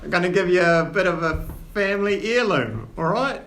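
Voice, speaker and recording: A man's voice: sits high, normal speed, fairly bright tone, slight background noise, pitched above the performer's own voice. A man putting on a blustery old dwarf father with a mock Cockney accent. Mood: jovial. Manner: bluff, chummy, ends lines with "Gov". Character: gruff older male dwarf father, blustery and fond.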